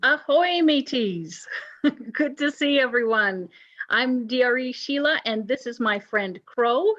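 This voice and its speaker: A woman's voice: fairly high pitch, a little slow, a bit bright. Playful woman giving church announcements. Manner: playful, joking, with pirate banter. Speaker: worship service host. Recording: dull lo-fi recording.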